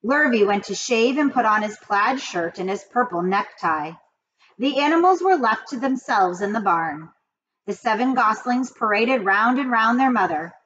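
A woman reading a children's book aloud with expressive narration. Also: a little high, moderate pace. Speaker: reader. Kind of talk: read-aloud storybook narration. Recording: dull recording with faint hiss.

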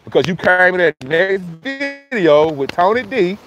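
High-voiced man ranting on a livestream. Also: sing-song, measured pace, soft background music. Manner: loose, profane and argumentative, shouting out viewers by name. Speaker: livestream host. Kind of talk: casual livestream chat. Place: outdoors.

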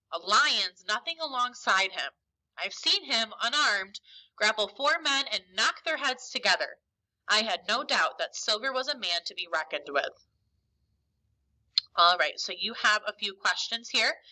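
A woman's voice: medium pitch, bright, forceful tone, poor audio. A woman teacher reading a story aloud to her class expressively, with small slips and restarts, then giving instructions.

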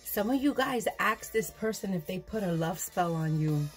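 A woman's voice: medium pitch, lively intonation, moderate pace, faint music behind. A tired woman giving a casual tarot reading, loose and laughing, swearing and slipping into whispers. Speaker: tarot reader.

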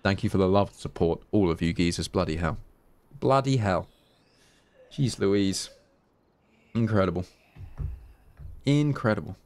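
English male streamer, young, chatty, casual swearing, animated pitch, dry close sound. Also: normal speed, pauses often, dry recording. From England. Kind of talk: live gameplay commentary.

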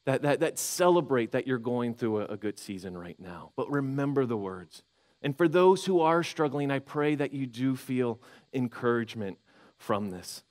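A man preaching a sermon as pastor, conversational and animated, acting out inner voices with frequent restarts. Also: medium pitch, normal speed. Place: church sanctuary.

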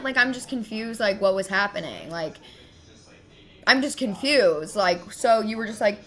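A woman's voice: mid-range voice, normal speed, fairly bright tone. A young woman streamer in casual chat, telling a story in a rambling way. She sounds hurt and frustrated, fills her talk with fillers and swears as she vents.

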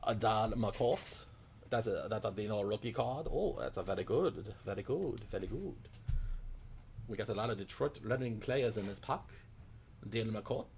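A man's voice: on the low side, expressive, moderate pace, gravelly, darkish tone, a little hiss or hum. A man putting on a comic accent as a jolly hockey-player persona, chuckling "ho, ho" as he speaks as the players. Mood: jokey. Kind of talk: mock-accent card commentary.

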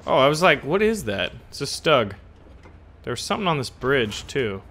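Excitable man with a bright voice. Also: medium pitch, normal speed. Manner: excitable, bursts into loud cursing. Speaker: gameplay commentator. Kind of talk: casual gameplay commentary.

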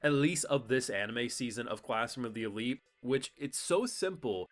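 A man hosting a casual anime review, animated and acting out characters' lines as he talks. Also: medium pitch, normal speed, faint music behind. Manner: animated, acts out quotes. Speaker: streamer and reviewer.

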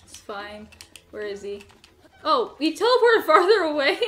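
Woman, high voice, bright tone, casual gameplay commentary, nervous and giggly. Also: very animated, a little slow. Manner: nervous, giggly, talks to her character. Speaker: gaming channel host. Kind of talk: casual let's-play commentary.

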